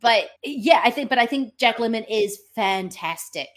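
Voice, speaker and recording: A woman's voice: a little high, animated, moderate pace. A woman who is a guest on a podcast, chatting casually about films, thinking aloud with lots of ums and acting out quotes as she goes. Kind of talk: casual film review chat.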